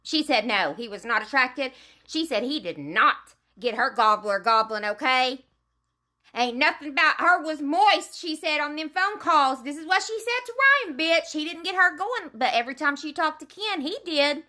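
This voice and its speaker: A woman giving a fired-up, foul-mouthed commentary rant. Her voice sits high and sounds sharp and bright, and she hammers each point with emphatic, heated force. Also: expressive, normal speed. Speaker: commentary vlogger. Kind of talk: ranting commentary.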